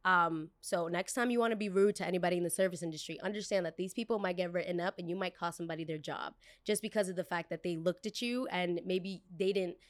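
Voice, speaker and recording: A young adult woman hosts a storytime vlog. She tells it in a gossipy, animated way, tossing in quick asides as she goes. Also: fairly low pitch. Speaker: host.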